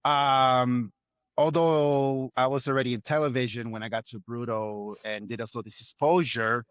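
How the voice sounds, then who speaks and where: A man's voice: medium pitch, steady tone, moderate pace, clean tone, no room sound, lo-fi sound. A man, a chef, speaking earnestly in an interview, building his points in short lists. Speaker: chef guest. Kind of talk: reflective interview talk.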